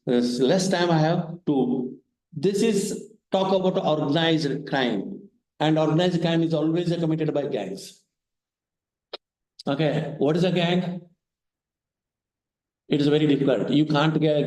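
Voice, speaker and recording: A male law professor delivers a classroom lecture, fairly high-pitched, with a mellow tone. He repeats key terms and keeps asking rhetorical questions, and the sound carries in an echoey lecture hall. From India. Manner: repetitive, asks rhetorical questions.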